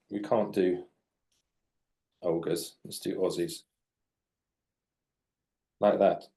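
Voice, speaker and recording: A mid-range, slightly mellow voice belongs to a man in his late 40s who writes children's books. During a live drawing demonstration for kids, he's chatty and jokey and explains as he draws.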